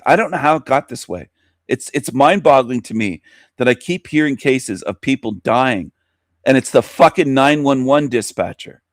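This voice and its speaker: A furious man on his radio show, cursing and circling back to his point. His voice is mid-pitched and sits in a dry, close recording with no room sound. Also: no room sound. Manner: heated, swearing, repeats himself. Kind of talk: angry profane radio rant.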